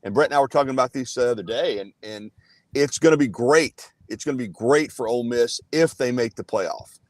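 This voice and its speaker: A man giving his take on college sports, earnest and full of "you know" fillers. His voice sits in a middle pitch and the sound is dry and close. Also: a little fast, dry recording. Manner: earnest, filler-heavy analysis. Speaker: guest analyst. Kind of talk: casual sports talk.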